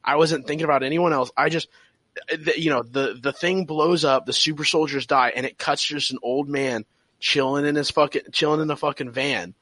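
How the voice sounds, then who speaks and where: A man's voice: on the high side, fairly even intonation, fairly quick, no room sound. A man co-hosting a casual podcast, rambling and swearing freely as he thinks aloud. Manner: rambling, profane, trails off quietly. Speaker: podcast co-host. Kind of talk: casual chat.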